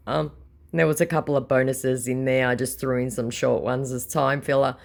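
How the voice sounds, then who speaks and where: An Australian woman with a strikingly low voice talks casually about her chats, blunt and sarcastic, with the odd swear word tossed in. She reads messages aloud as if recounting gossip. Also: fairly even intonation, moderate pace, gravelly, a little mellow. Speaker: scam-baiting channel host. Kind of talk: casual chat reading out messages.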